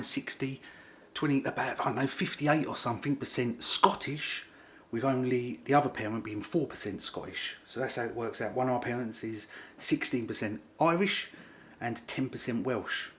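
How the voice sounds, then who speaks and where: A man talks casually to camera in a vlog, at a middling pitch. He rambles, stops to correct himself and carries on in an easy, chatty manner. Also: moderate pace. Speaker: vlogger. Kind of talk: casual chat.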